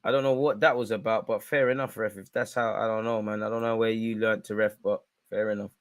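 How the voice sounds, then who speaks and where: Man, watch-along host, live football commentary, animated, prone to yelling. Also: quick pace. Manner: animated, shouts at the referee, spikes in pitch and volume.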